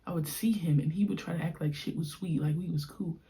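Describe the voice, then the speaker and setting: Brief: young female podcast host, mellow lowish voice, animated casual storytelling. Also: a little fast. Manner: animated, slangy and frank.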